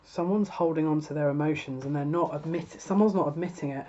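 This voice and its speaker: A fairly low-voiced woman talks through a tarot reading in a chatty, exasperated way, often laughing at her own asides. The audio is a little dull and lo-fi. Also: a little fast, warm tone. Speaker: tarot reader.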